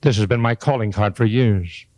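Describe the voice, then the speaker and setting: A man's voice: moderate pace, no echo. An older man giving a folksy, joking motivational speech to a live audience. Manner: homespun, joking, swings to high excited peaks. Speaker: motivational speaker.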